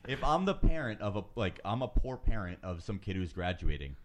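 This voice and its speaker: A man's voice: on the low side, big pitch swings, brisk, a little hiss or hum. A man hosting an internet radio show, chatting casually and laughing often. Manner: laughs often, reads news items loosely. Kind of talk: casual comedic radio banter.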